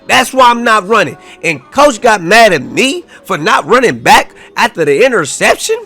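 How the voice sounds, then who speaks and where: A young man giving casual, animated commentary over a football video game, trash-talking and half-singing his asides. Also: high voice, normal speed. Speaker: gaming YouTuber. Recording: faint music behind.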